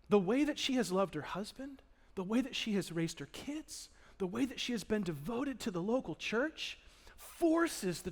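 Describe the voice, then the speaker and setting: A male pastor with a notably high voice delivers a sermon in a church. He preaches with animated energy, rising to loud emphatic peaks and dropping to hushed, earnest asides. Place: church sanctuary.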